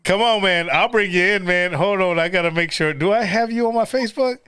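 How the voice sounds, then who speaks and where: A man hosting a casual live podcast chat, rambling and profane and quick to laugh. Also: high-pitched, pushed and bright, clean tone, dry recording. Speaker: podcast host.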